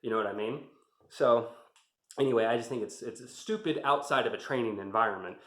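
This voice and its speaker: A man's voice: medium pitch, a little fast, a bit bright. A man telling an army story in a casual, rambling way, swearing often and getting heated, in a roomy-sounding space. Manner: profane, rambling, gets heated. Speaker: army veteran vlogger. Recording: roomy echo.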